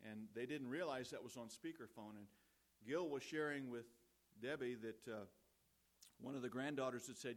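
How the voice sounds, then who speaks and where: A pastor gives a eulogy at a funeral, speaking at an ordinary pitch and a moderate pace. His delivery is conversational and story-driven, with gentle humor, and he keeps returning to key phrases to stress them.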